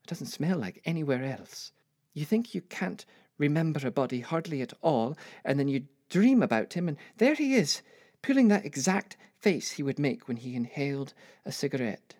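Older woman performing a reflective life-story monologue; expressive, rising and falling pitch. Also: dry recording, studio quality. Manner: wistful, reflective storytelling with wry asides. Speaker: narrator. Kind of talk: dramatic monologue.

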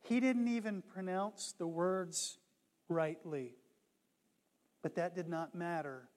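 A man preaching a sermon, retelling a conversion story and building to impassioned shouts. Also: high voice, slow, big-room sound. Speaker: pastor.

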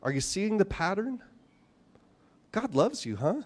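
A male pastor delivering a sermon, his voice sitting a little high for a man and rising and falling widely from line to line. He keeps throwing rhetorical questions at his listeners and slips into the voices of the people he quotes. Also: unhurried. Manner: animated storytelling, voicing quoted speakers, rhetorical questions.

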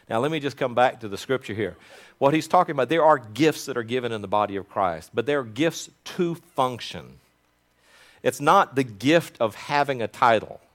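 A man delivers a sermon in a fairly high voice. He talks conversationally to the congregation and builds to urgent, insistent exhortation. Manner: retells a story in a low, quiet voice. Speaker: pastor.

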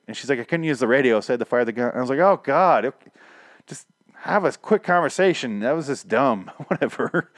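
A man's voice: mid-range voice, animated, fast, no echo, clean studio sound. A man casually recapping and reviewing a TV episode, rambling and sarcastic, swearing often and acting out the characters' lines.

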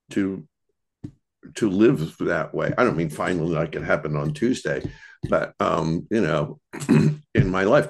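A man's voice: low-pitched, gravelly, slightly rough. A man talking as a podcast guest in casual conversation, reflective and searching for his words.

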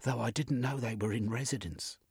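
A man's voice: medium pitch, brisk, gravelly, darkish tone, a little hiss or hum, pitched above the performer's own voice, natural voice. A man doing a plucky woman. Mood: knowing. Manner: dropped grammar, clipped terse replies. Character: working-class London woman, plucky and wary.

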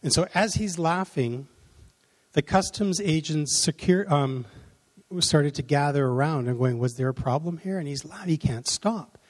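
A man's voice: on the high side, measured pace. A man preaching a sermon, telling a story in a rambling, self-correcting way and acting out the voices of the people in it. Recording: long reverb of a large hall.

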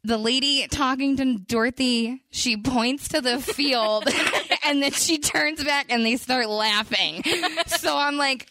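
A young woman from Western New York co-hosting a podcast, telling stories casually and quickly, acting out quotes and swearing freely. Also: high voice, pushed and bright. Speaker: podcast co-host. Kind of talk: casual storytelling chat.

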